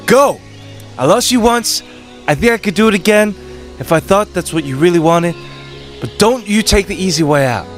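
A man's voice: high-pitched, expressive, normal speed, soft background music, voice pushed up. A man doing a nasal pleading lover, faint New York accent. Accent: slight New York. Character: earnest young male lover. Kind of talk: comedic impression.

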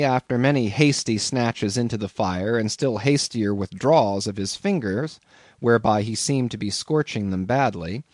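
A man's voice: mid-range voice, no echo, clean studio sound. Man narrating a classic novel expressively. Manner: expressive storytelling reading. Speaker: audiobook narrator. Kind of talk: scripted audiobook narration.

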